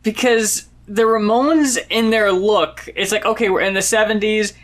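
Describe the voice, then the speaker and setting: A man's voice: high voice, fairly even intonation, moderate pace, fairly bright tone. A man co-hosting a casual album review podcast, explaining the background and stumbling over his words. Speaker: podcast co-host.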